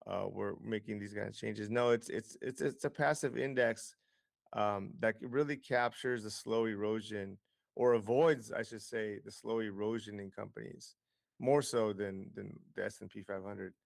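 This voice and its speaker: A man's voice: lowish voice, fairly even intonation, normal speed, creaky, no echo, clean studio sound. A man as an interview guest, explaining investing with lots of figures, fillers and restarts. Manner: explanatory, data-heavy, frequent fillers and restarts.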